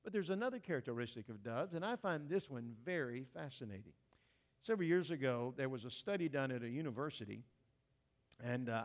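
A man with a medium-pitched voice preaches a sermon in a folksy, conversational style. He speaks directly to his congregation and adds homespun asides.

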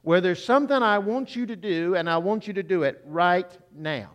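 A man's voice: sits high, moderate pace, a bit bright. A man voicing a five-year-old granddaughter who is eager and wheedling, in a church with long reverb.

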